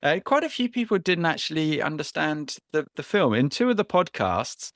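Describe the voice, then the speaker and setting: A man's voice: on the high side, sing-song, moderate pace, a bit bright, dry recording, clean studio sound. A man co-hosting a casual film podcast, thinking aloud and rephrasing as he goes. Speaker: podcast co-host.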